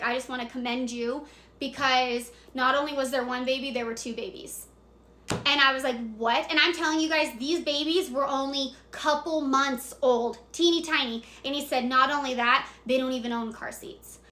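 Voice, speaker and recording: A young woman telling a dramatic story in a casual, excitable way, swearing freely and acting out the moments. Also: high-pitched. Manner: excitable, profane, dramatic retelling. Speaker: storyteller vlogger. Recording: echoey room.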